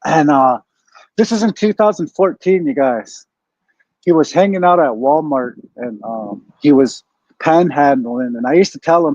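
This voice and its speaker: A man's voice: a little high, unhurried, darkish tone, no echo. A man rambling through a profane story to his viewers, often saying "you guys", on a dull lo-fi recording. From Canada. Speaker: streamer. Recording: dull lo-fi dry sound.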